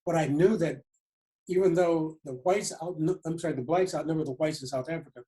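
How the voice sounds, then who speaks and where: An older man putting on a wise old statesman, fatherly, gentle, measured, a touch higher and fuller than his own voice. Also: lightly acted. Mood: earnest. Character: elderly South African statesman, calm and wise.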